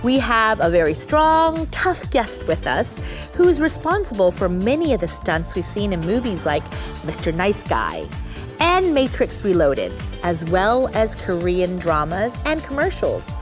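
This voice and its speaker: A woman's voice: mid-range voice, very animated, a little slow, music in the background. A woman hosting a TV talk show, chatty and playful as she interviews a guest. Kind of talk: broadcast interview.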